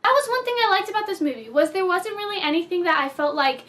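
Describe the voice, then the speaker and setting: Bubbly high-voiced woman, giggly. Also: animated, fast, hardly any pauses, fairly bright tone, slight background noise. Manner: bubbly, chatty, breaks into giggles. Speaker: movie reviewer. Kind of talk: casual movie review vlog.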